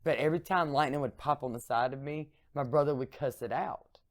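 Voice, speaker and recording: A woman co-hosting a podcast, telling stories in a lively, chatty way. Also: extremely low pitch, brisk. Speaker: podcast co-host. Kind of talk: casual storytelling chat.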